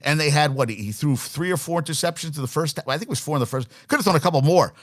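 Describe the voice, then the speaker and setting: Brief: male sports talk host, forties, animated and exasperated, a slightly higher voice with lively swings. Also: quick pace. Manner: animated, exasperated, swears freely. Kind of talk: opinionated sports radio rant.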